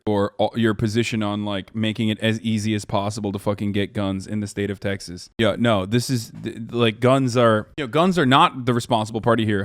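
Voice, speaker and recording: A man's voice: fairly low pitch, fairly even intonation, fairly quick, few pauses, dry recording. Man, 30s, streamer, profane ranting commentary, very dry sound. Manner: profane, heated, voice rising sharply when angry. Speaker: political streamer. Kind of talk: ranting commentary and reading news aloud.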